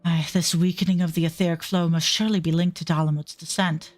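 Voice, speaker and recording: A woman voicing a gruff, weary man from a game, speaking in a low, grim mutter. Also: level tone, fast talker, darkish tone, no echo, soft background music, lightly acted.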